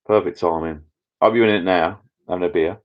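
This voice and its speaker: A middle-aged man hosting a casual live chat with viewers from his backyard pub shed, rambling and getting easily excited. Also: sits low, fairly quick. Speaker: channel host. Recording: dull lo-fi sound.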